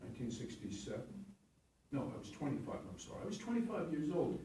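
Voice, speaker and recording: An older stage actor in his seventies recounts his early career in a lively, up-and-down voice, chuckling and breaking off to correct himself. He is recorded from some distance in a roomy, echoey space with a faint hum of ambience behind him. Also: fairly high pitch, quick pace. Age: 70s. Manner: rambling, chuckling, self-correcting. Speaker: stage actor and acting teacher. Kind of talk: anecdotal interview storytelling. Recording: echoey room, distant mic.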